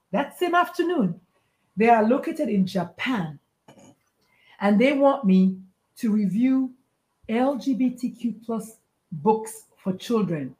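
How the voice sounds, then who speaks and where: Expressive woman from Nigeria, echoey room. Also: on the high side. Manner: acts out quoted voices, emphatic and expressive. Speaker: guest, pediatrician and life coach. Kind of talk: animated storytelling in conversation.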